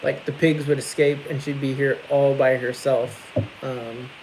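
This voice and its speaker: A man's voice: medium pitch, little pitch movement, measured pace, darkish tone, slight background noise, poor audio. A young man with a Midwestern American accent, co-hosting a farm livestream in casual, rambling chat. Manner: rambling, lots of likes and restarts.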